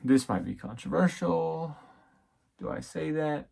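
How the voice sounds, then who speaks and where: A man in his thirties giving a casual, reflective devotional talk about parenting as a father, halting with many fillers. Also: on the high side, lively intonation, vocal fry, warm tone. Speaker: faith vlogger and dad.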